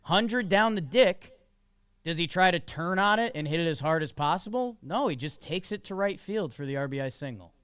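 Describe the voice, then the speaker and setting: A man's voice: high-pitched, lively intonation, moderate pace, fairly bright tone, smooth, no echo. A man co-hosting a podcast, talking sports casually and chattily with jokes and fillers. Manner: chatty, jokey, with many fillers. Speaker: podcast co-host.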